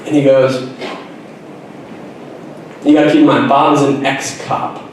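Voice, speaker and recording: A man's voice: medium pitch, little pitch movement, unhurried, slight background noise. A young man, an author, telling a personal story to a school audience, earnest and reflective with self-deprecating humor. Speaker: author giving a school talk. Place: school auditorium. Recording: very echoey hall, voice from far off.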